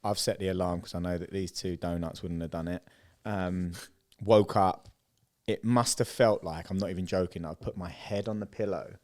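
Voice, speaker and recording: A deep-voiced man with a British accent speaks at normal speed as a podcast co-host. In casual chat he tells a funny story as an animated storyteller, loudly acting out what people said and laughing.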